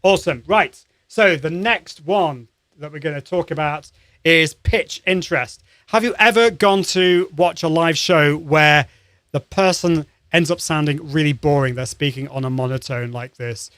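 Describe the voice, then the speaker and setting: A man hosting a live-streamed lesson, coaching voice warm-ups in an upbeat, encouraging way with many restarts. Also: a little high, a little slow, no echo. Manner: upbeat and encouraging, demonstrates sounds; conversational with frequent restarts.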